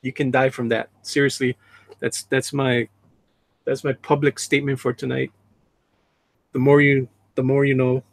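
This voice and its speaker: A man's voice: medium pitch, little pitch movement, moderate pace, creaky, pauses often, no echo. A man hosting a casual livestream, reading chat comments aloud with joking asides and frequent laughs. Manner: chatty, laughs often, reads chat aloud with jokey asides. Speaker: livestream host. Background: dog jumping on him.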